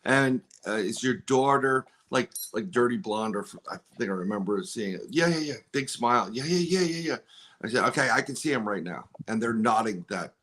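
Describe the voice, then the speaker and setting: A man's voice: fairly low pitch, a little fast, few pauses, a bit bright. A man telling a long story on a podcast, rambling with many restarts and quoting other people as he goes. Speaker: podcast guest. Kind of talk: casual storytelling chat.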